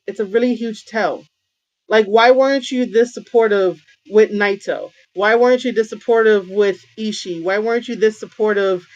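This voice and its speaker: A woman hosting a wrestling commentary show, giving her opinions in a casual rant full of fillers and restarts. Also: medium pitch. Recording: dull lo-fi sound.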